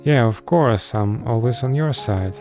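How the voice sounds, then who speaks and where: A man reading the lines of a supportive young woman friend, in a plain and slow voice, with game music playing behind. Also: mid-range voice, animated, a little mellow, lightly acted. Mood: concerned.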